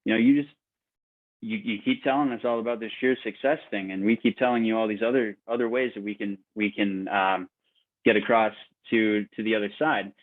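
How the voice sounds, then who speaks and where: A man's voice: fairly low pitch, fairly even intonation, brisk, lightly acted. A man voicing a weary flock of sheep airing complaints, over tinny call audio. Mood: aggrieved.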